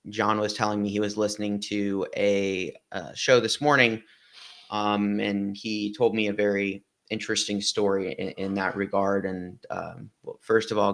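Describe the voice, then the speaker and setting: A man's voice: lowish voice, vocal fry, a bit bright. A man hosting a casual live video chat, talking hesitantly with many fillers. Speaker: host. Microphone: video call.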